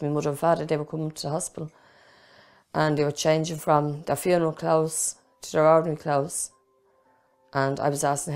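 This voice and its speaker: Middle-aged Dublin Irish woman; low, gravelly voice; plain-spoken interviewee testimony. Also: a little mellow. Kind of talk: personal testimony.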